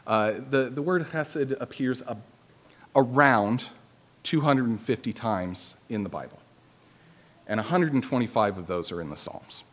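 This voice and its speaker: A man preaches a sermon in a conversational, teaching tone. He slips in dry, self-deprecating jokes. His voice sits at a middle pitch and carries a long reverb from the hall around him. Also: animated, a little slow.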